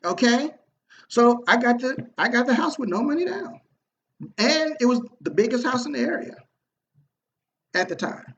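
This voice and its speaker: A man telling a personal story to his viewers in a casual, motivational way, slangy and animated, acting out the people he quotes. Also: very high voice, moderate pace, pauses often, lo-fi sound. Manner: animated, slangy, repeats himself and acts out quoted dialogue. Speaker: online marketing video host.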